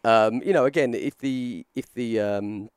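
A young man telling a story on a podcast, animated, acting out quotes with lots of fillers and restarts. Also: mid-range voice, unhurried, smooth, no echo, studio quality. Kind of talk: casual storytelling chat.

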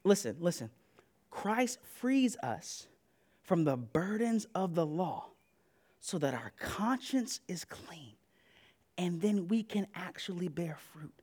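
A man preaching a sermon in an animated, conversational and slangy way, often repeating "listen" to press his points. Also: high-pitched, slow pace, slightly rough.

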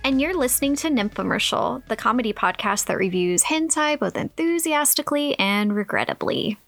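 A woman's voice: a little high, lively intonation, moderate pace, creaky, fairly bright tone, soft background music. A woman co-hosting a comedy podcast in an upbeat, chatty way. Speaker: podcast co-host. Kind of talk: casual comedy podcast chat.

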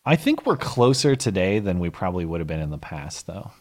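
A man's voice: low-pitched, big pitch swings, brisk, darkish tone. A young man co-hosting a call-in show, thanking callers and cueing them in with easy, casual chat. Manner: easygoing, thanks and cues callers. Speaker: co-host taking callers.

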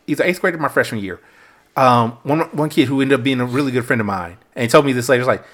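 A man co-hosting a casual podcast chat, animated and quick to laugh as he acts out other people's voices. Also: mid-range voice. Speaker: podcast co-host.

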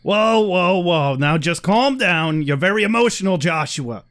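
A man's voice: sits high, lively intonation, a little slow, fairly bright tone. A man voicing an emotionally closed-off father who talks down to his son and turns awkwardly sentimental. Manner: condescending, then clumsily sentimental.

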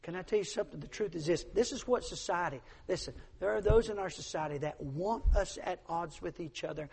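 A man's voice: high voice, brisk, gravelly, darkish tone, husky, in a large hall. A man preaching a sermon, emphatic, repeating his points and acting out the people in his stories. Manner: emphatic, repeats phrases, acts out quoted voices.

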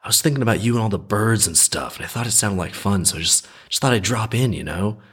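Man reading easygoing male Death, shrugging and unbothered, low and husky. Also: expressive, quick pace, a bit bright, full character voice. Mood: offhand. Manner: casual, offhand, shrugging. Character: laid-back odd Death in human guise, male.

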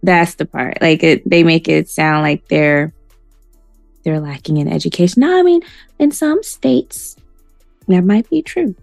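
A woman's voice: on the low side, animated, unhurried, gravelly, no echo, clean studio sound, soft background music. A woman co-hosting a podcast, chatting expressively and laughing. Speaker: podcast co-host. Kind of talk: casual chat.

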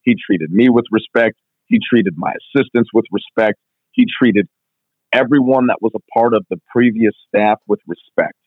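A strength coach being interviewed, telling stories in a fast, casual way full of "like". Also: male voice, fairly low pitch, dry recording. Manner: fast, filler-heavy, constant "like". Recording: tinny phone-like line, dry.

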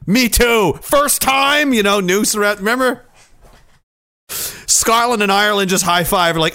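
A man's voice: sits high, lively intonation, measured pace, creaky, sharp tone, dry recording. A man ranting on a livestream, heated and sarcastic, swearing often and reading out chat messages. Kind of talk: profane political rant on a livestream.

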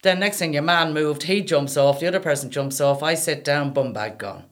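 An Irish woman telling a story in a casual chat, animated and swearing freely. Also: low voice, moderate pace. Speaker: guest.

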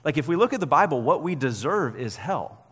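A man in his thirties preaching a sermon as a pastor, talking conversationally and acting out quotes in an animated way. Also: on the high side, fairly quick, breathy edge, long reverb tail.

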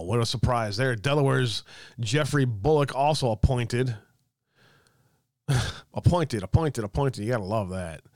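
A man's voice: mid-range voice, smooth, no room sound, clean studio sound. A man hosting an online commentary show, ranting sarcastically and reading aloud from a website with muttered asides and casual swearing. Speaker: host of a political commentary show.

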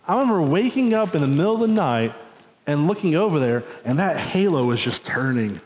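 A man's voice: fairly high pitch, sing-song, fairly quick, darkish tone. A man giving a conversational sermon as preacher, telling stories informally and often checking in with the congregation with "right?" and "y'all.". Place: church sanctuary. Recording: echoey church hall with long reverb.

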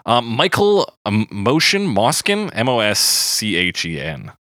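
A man co-hosting a casual movie-review podcast, animated, swearing freely and laughing often. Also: fairly low pitch, a little slow, dry recording, clean studio sound. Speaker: podcast co-host.

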